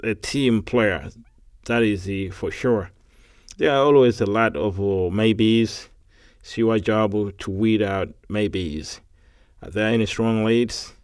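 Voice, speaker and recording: Slow Tanzanian-accented man reading sentences. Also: fairly low pitch, a little mellow, dry recording, studio quality. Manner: halting, repeats and restarts words. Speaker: English learner reading practice sentences. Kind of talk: reading practice sentences aloud.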